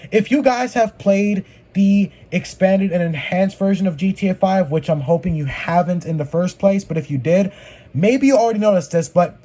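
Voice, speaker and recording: A man's voice: high-pitched, mellow. A man ranting in a gaming commentary video, emphatic, profane and repetitive.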